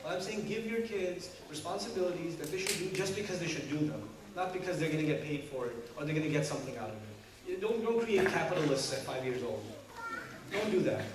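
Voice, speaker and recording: A man preaching to a congregation in an animated way, acting out quotes and laughing. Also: a little high, brisk, crowd noise. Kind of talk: sermon to a congregation. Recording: echoey hall, distant mic, background hum.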